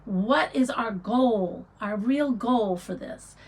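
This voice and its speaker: A middle-aged woman hosting a casual livestream, chatting and reading viewer comments aloud with warm encouragement. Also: a little high, slow pace, husky, rough recording. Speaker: livestream host.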